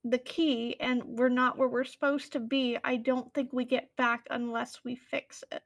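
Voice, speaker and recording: A woman speaking as an earnest young adventurer, high-voiced and protective, who pleads steadily with her companions in a tabletop role-play. The voice is high and recorded dry and close. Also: flat delivery, unhurried, gravelly, no echo.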